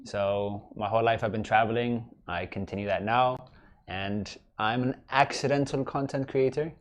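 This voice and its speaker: A man's voice: on the low side, fairly even intonation, moderate pace. Easygoing joking man in a studio. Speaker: guest, content creator. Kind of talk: casual interview chat.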